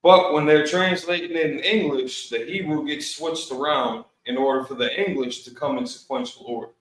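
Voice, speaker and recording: A man teaches an online Bible class in a loose, casual way, dropping slang as he goes. His voice sits a little high and comes from away from the mic. The room around him is echoey. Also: moderate pace, recorded from a distance. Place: Milwaukee, Wisconsin.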